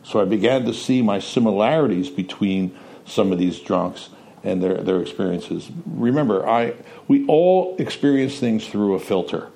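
A man's voice: lowish voice, lively intonation, normal speed, creaky, dark tone. A man candidly reflecting on his own recovery, growing emphatic at points. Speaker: panelist. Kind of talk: personal testimony in a talk show.

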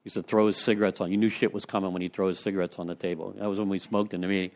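A man's voice: deep voice, little pitch movement, very fast, darkish tone. A man leading a recovery step study, telling rambling conversational stories to a group in a meeting room. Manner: rambling, conversational storytelling with frequent "you know". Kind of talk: informal recovery talk to a group.

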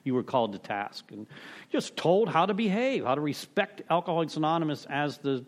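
A man's voice: a little high, animated, fairly quick. A middle-aged man sharing at a recovery meeting, rambling through a story with many restarts, "you know"s and casual cursing.

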